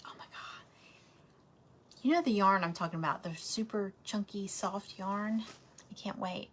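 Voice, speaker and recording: A woman's voice: mid-range voice, a little hiss or hum. A woman, chatting casually and rambling to viewers as she hosts a craft livestream from home.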